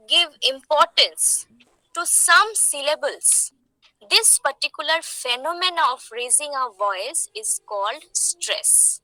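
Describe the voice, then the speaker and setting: A woman teacher explains at a slow, deliberate pace, often asking her class questions. Her voice is high and very bright. She coughs often, and the sound is dry and close. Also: dry recording, low-quality recording. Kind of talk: online lecture.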